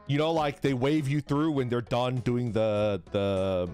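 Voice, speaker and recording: A man's voice: steady tone, measured pace, soft background music. A young man streaming and chatting casually, rambling and laughing, sometimes swearing as he tells stories. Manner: rambling, laughing, swearing, acts out voices in a high yell.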